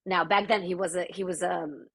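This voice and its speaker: A woman's voice: lowish voice, fairly even intonation, normal speed, vocal fry, fairly bright tone, husky. A woman from the Soviet Union whose first language is Russian, a podcast guest speaking in a thoughtful, searching way. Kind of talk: reflective conversational interview.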